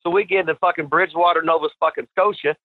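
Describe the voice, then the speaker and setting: Brief: older man guest, cursing storyteller, fairly high voice, thin phone-line sound, dry. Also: steady tone, racing, no echo. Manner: profane, rambling and laughing through stories. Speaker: guest, retired wrestler and trainer. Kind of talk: casual storytelling interview.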